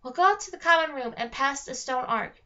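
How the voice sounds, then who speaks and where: A woman's voice: sits high, animated, a little fast, bright, forceful tone. A woman voicing a fearful, doubting traveling tradesman. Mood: wary. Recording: dull lo-fi recording.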